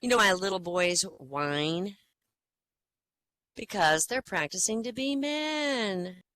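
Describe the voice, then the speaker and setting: A woman reels off jokes to a group and acts out each character as she goes. Her voice is bright and forceful, and it swings widely in pitch. She delivers the jokes in a lively, animated way. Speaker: joke teller leading the session.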